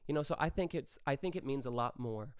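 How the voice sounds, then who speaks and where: Young male podcast host, casual solo rant, clean resonant voice, mid pitch. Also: clean tone, dry recording, studio quality. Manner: animated, acts out quick quoted exchanges.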